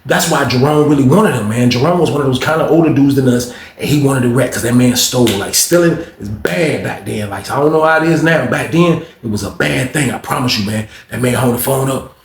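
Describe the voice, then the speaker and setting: A man telling a story in a casual, slangy, animated way. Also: mid-range voice, fairly quick, hardly any pauses. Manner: animated, slangy, acts out quoted voices. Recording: roomy echo.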